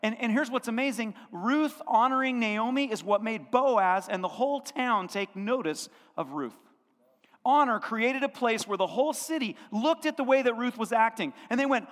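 A male pastor with a high-pitched voice delivers a lively sermon, voicing the characters in his story as he goes. The sound carries a long reverb from the church hall around him. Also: normal speed. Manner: animated storytelling, acting out biblical characters' lines. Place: church sanctuary.

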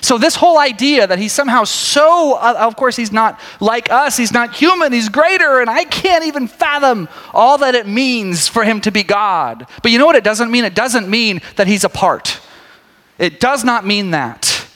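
High, bright-voiced male preacher. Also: normal speed. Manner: conversational, animated, jokey asides. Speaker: pastor. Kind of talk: sermon. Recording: long hall reverb.

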